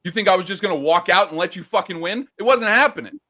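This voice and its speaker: A man's voice: sits high, quick pace, sharp tone. A man, a professional wrestler, trading in-character trash talk in a taunting, profane, lecturing way.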